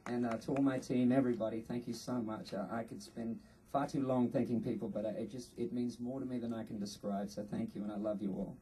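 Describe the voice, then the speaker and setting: An Australian man giving an earnest, unhurried acceptance speech at an outdoor ceremony, pausing often. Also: medium pitch, fairly even intonation, warm tone, distant mic, slight background noise, rough recording. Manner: earnest, unhurried, with frequent pauses. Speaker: award inductee.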